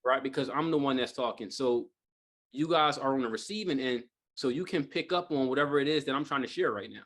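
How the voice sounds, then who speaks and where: Before a live audience in a training room, a man delivers a sales training talk in a mid-range, slightly bright voice at a fairly quick clip. He wanders casually from point to point, using lots of fillers and asking "right?" rhetorically.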